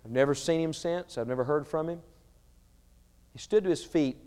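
A man preaching a sermon, swinging between shouted fervor and quiet storytelling. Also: on the high side, normal speed, smooth. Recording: reverberant large hall.

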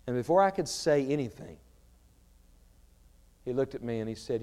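A man preaching a sermon, swinging between shouted fervor and quiet storytelling. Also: mid-range voice, moderate pace, long pauses. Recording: reverberant large hall.

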